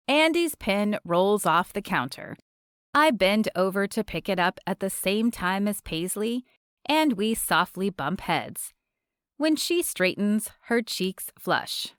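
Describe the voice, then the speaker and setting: A woman narrating a sweet romance audiobook in a measured, expressive way. Her voice sits mid-range, recorded close and dry with no room sound. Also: mid-range voice, smooth, dry recording.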